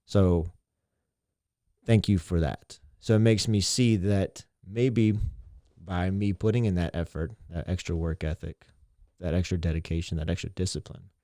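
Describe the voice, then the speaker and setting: A teacher and mentor, appearing as a podcast guest, talks earnestly and reflectively in a casual interview, often repeating himself. His low, dark voice holds a steady tone at a normal speed. The studio recording is clean, with no room sound.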